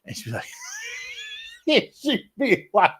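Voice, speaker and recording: A man, hosting a casual live chat from home and telling animated stories full of fillers and asides. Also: high voice, normal speed, slightly rough, no echo. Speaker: live stream host.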